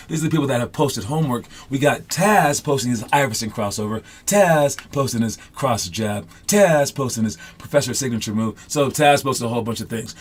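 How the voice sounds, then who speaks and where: Chatty upbeat male basketball coach. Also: medium pitch. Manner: loose and chatty, many fillers; upbeat and encouraging. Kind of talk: casual online class talk.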